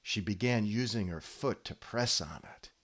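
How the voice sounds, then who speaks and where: A man hosting a podcast, giving a deadpan comic monologue with mock-earnest, solemn delivery. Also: lowish voice, normal speed. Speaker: podcast host.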